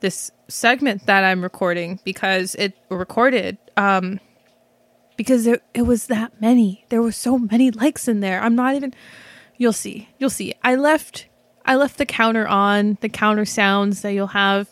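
A woman's voice: mid-range voice, a little slow, dry recording. A woman hosting her own show, talking through casual, self-reflective commentary that rambles, with lots of fillers, restarts and casual swearing. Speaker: podcast host. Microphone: microphone.

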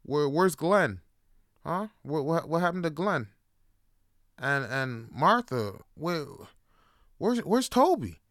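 A man's voice: a little high, sing-song, takes it slowly, long pauses, fairly bright tone, dry recording, studio quality, voice pushed up, full character voice. A man voicing a vengeful male crab who talks street slang and taunts. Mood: outraged. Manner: trash-talking slang, taunting.

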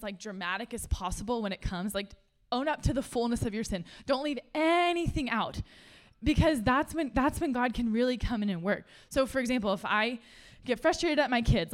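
A woman, preaching a sermon in a conversational, animated way and laughing often. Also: on the high side. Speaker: pastor.

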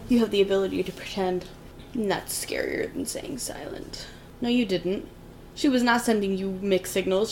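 The speaker is a young woman with a medium-pitched, somewhat dark voice, co-hosting a podcast over slight background noise. She casually reacts to a movie, swearing and mocking it brashly.

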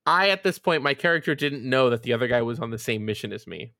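A man's voice: mid-range voice, animated, quick pace, creaky, bright, forceful tone, dry recording, clean studio sound. A man co-hosting a podcast, telling a long rambling story full of fillers and casual swearing. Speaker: podcast co-host. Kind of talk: casual chat.

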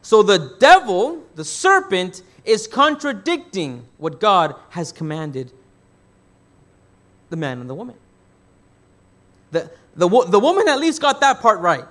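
Lively high-voiced male pastor preaching. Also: a little slow, pauses often. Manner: asks the congregation questions and answers them himself; rephrases and restarts mid-thought. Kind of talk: sermon.

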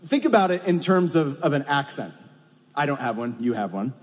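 A man's voice: a little high, big pitch swings, fairly quick, a little hiss or hum. A man from California with a Californian accent, preaching a sermon in a conversational way with humorous asides. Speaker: pastor. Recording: long hall reverb.

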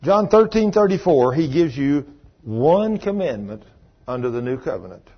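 In a slightly rough voice with big pitch swings and normal speed, a man preaches a sermon, spinning a folksy story and acting out its characters in high falsetto. The sermon recording is dull and lo-fi.

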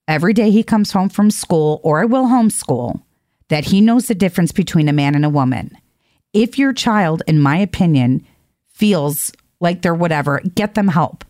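A woman hosting an opinionated commentary monologue, blunt and emphatic, jumping to high exasperated outbursts. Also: darkish tone, no room sound, clean studio sound. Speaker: host.

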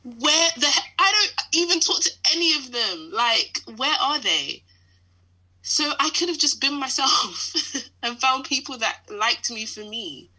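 A woman in her late twenties speaks as a podcast guest with a very bright, sharp tone. She talks casually and reflectively, opening up candidly. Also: high-pitched, lively intonation, measured pace, low-quality recording. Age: late 20s. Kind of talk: casual conversation.

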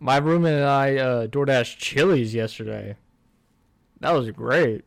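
A man's voice: medium pitch, unhurried, creaky, dry recording. Laid-back young man telling rambling stories. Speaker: podcast co-host. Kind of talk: casual chat.

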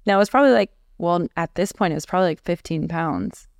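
A woman's voice: fairly low pitch, fast talker, creaky, no room sound, studio quality. A woman from Russia co-hosting a podcast in casual chat, chatty and often searching for her words. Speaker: podcast co-host.

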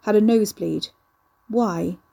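A woman narrating an audiobook in an even, measured reading. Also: mid-range voice, creaky, breathy edge.

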